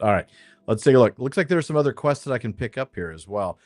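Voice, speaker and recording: A man's voice: medium pitch, expressive, fast, no echo. A man hosting a game stream, chatting casually and thinking aloud as he plays. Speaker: streamer and podcast host. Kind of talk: casual gameplay commentary.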